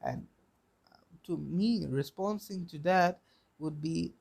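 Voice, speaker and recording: A man's voice: on the high side, slow pace, creaky, long pauses, darkish tone. A young man hosting a solo podcast, rambling, repeating himself and swearing bluntly. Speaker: podcast host.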